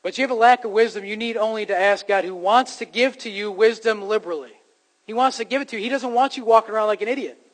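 A man's voice: high-pitched, fast, low-quality recording. A man preaching a sermon to his congregation, in a conversational style that rises to emphatic points. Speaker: pastor.

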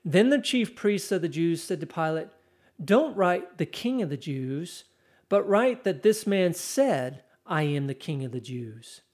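A man delivering a sermon at a slow, deliberate pace, his voice sitting a little high. He reads scripture dramatically, building intensity as he goes. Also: very animated, a little mellow. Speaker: preacher.

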